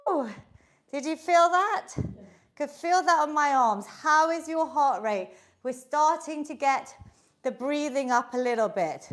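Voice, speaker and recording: In a high-pitched voice at a measured pace, an encouraging fitness instructor counts down reps for her online exercise class. She sounds upbeat but slightly out of breath from exercising, recorded on a video call setup.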